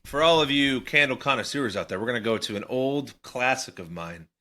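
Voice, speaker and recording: A bright-toned man with a faint lilt, co-hosting a casual podcast. He rambles along in loose banter, laughing easily, and his pitch moves up and down a lot. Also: lively intonation, a little fast. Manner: laid-back, rambling, laughs often. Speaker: podcast co-host.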